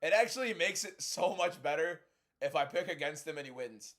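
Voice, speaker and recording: A young man from the UK hosting a live fight watchalong, reacting excitedly and talking to his chat. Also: fairly high pitch, brisk. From United Kingdom. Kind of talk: casual live-stream commentary.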